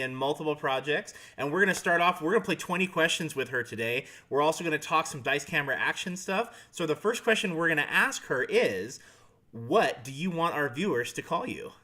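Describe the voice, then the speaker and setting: A man's voice: fairly high pitch, lively intonation, fairly quick, sharp tone. A man hosting a podcast, chatting casually in an upbeat, playful, joking way. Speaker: podcast host. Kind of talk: casual chat.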